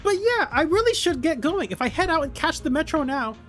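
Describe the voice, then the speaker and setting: A high, sparkling young idol girl chatters with bouncy excitement, as a streamer voices her while reading a game aloud. Her pitch swings all over the place with eager energy. Soft game music hums underneath. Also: brisk. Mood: chirpy. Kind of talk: voicing game dialogue aloud.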